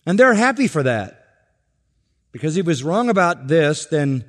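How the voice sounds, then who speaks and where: A man with a somewhat high voice delivers an expository sermon in a church. He speaks slowly and emphatically and poses rhetorical questions. The sound carries a long reverb from the sanctuary. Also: very animated, fairly bright tone. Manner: emphatic, slow deliberate phrasing with rhetorical questions. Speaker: pastor.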